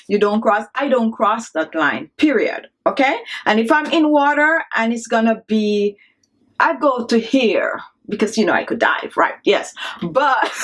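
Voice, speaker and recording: A woman vlogger chatting casually to the camera, talking in an emphatic way and checking in with her viewers. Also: mid-range voice. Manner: chatty and emphatic, asks for agreement. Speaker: beauty vlogger.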